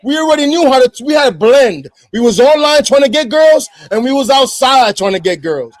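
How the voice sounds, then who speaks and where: High, animated man arguing hard. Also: normal speed, no room sound. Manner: combative, profane, repeats himself insistently. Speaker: panelist. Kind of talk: heated panel debate.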